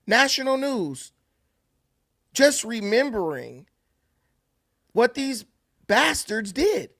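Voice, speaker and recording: A man's voice: extremely high pitch, vocal fry, a bit bright, dry recording, studio quality. A man delivering opinion commentary in an emphatic, sarcastic, ranting way. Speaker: political commentator.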